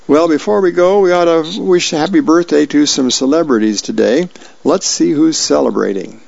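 A man reading the comics and birthday list aloud for a reading service, folksy and unhurried with small slips and asides. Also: mid-range voice, creaky, a little mellow, no room sound. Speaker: volunteer newspaper reader. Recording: dull lo-fi radio recording.

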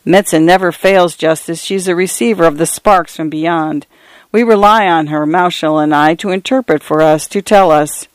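A man's voice: on the high side, moderate pace, clean tone, dry recording, lightly acted. A man playing a fussy, fretting brother. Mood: agitated. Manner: fussy, exclaiming, questioning. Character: anxious excitable middle-aged brother.

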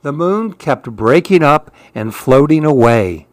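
A man reading children's storybooks aloud with an expressive, lilting delivery. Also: fairly high pitch, a little slow, no echo.

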